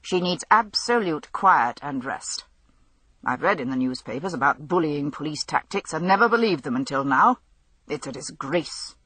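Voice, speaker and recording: A woman's voice: deep voice, expressive, normal speed, fairly bright tone, slightly rough, no echo, heavily acted, poor audio. A woman voicing a firm hospital doctor who disapproves of the police. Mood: stern.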